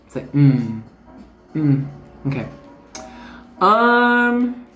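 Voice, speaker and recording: A tarot card reader in a casual, chatty reading to camera, excitable and slangy, now and then quoting scripture. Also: medium pitch, extremely slow. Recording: echoey room with faint music.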